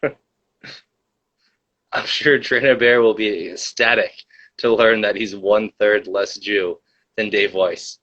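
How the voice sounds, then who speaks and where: A man's voice: fairly low pitch, fairly even intonation, takes it slowly, long pauses, a bit bright, lo-fi sound. A young man hosting a casual livestream, telling a rambling story full of fillers and reading the chat.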